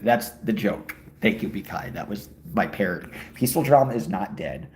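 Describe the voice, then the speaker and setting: A man's voice: fairly low pitch, darkish tone, a little hiss or hum. A man livestreaming while out walking, answering his chat in a joking, crude, rambling way. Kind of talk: casual chat. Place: walking outdoors in a city.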